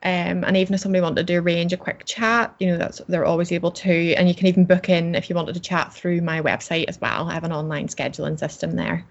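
A woman's voice: lowish voice, fairly even intonation, quick pace, creaky, few pauses. A woman being interviewed, talking cheerfully and chattily about her business and her plans, often laughing. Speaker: interview guest, coach. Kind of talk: casual interview chat. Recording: slightly dull audio.

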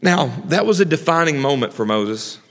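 High-voiced preaching man, reverberant hall. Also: normal speed. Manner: animated preaching, drops low and quiet for God's lines. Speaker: pastor. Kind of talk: sermon.

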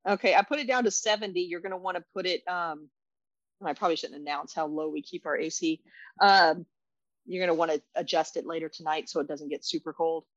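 A woman's voice: sits low, fairly even intonation, a little fast, no echo. Blunt woman co-host, slightly dull sound. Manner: blunt, emphatic reactions. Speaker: podcast co-host. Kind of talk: casual chat.

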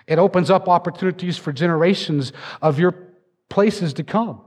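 A man's voice: high-pitched, moderate pace, breathy edge. A man preaching a sermon from a church stage, telling a story with dramatic flair. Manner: dramatic storytelling, acting out voices. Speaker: pastor. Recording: long hall reverb.

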